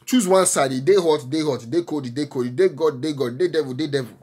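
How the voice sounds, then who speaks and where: A man's voice: fairly high pitch, fairly quick, darkish tone, slightly rough. A man from Nigeria with a Nigerian accent, giving a spontaneous, earnest talk of faith and prayer, repeating himself and often ending lines with "eh?". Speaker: vlogger giving encouragement.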